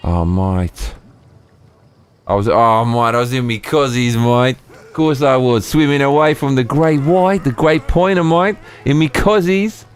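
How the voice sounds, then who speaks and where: A man putting on a cheeky stereotypical Australian bloke's voice during a game stream, with exaggerated slang and drawn-out calls of mate. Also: sits low, level tone, warm tone, clear, resonant tone, faint music behind. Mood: boisterous. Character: loud stereotypical Aussie bloke, cheeky, adult male.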